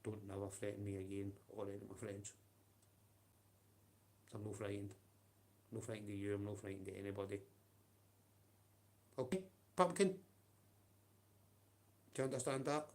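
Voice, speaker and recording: A man's voice: fairly low pitch, flat delivery, fairly quick, long pauses, a little mellow. A man with a Scottish accent ranting on a livestream, profane and confrontational, with blunt taunts.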